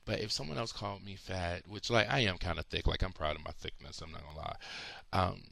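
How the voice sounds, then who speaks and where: A sleepy man gives an encouraging personal video message as a motivational speaker. His low voice is bright and forceful, with a gravelly edge. It sounds dry and close, and he leans hard on the words he wants to stress. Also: dry recording. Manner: emphatic, encouraging, slows down to stress points. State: sleepy, yawning.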